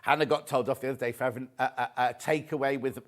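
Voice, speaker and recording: A man's voice: mid-range voice, steady tone, fast. A man hosting a live TV shopping show. He is chatty, camp and jokey, and reads out viewer messages as he talks. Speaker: shopping channel presenter.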